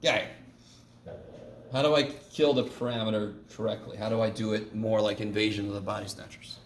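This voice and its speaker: A man's voice: fairly low pitch, fairly even intonation, a little fast. A man giving a casual, joking math lecture in a classroom, swearing now and then as he works through problems. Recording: echoey classroom from a distance, faint room noise.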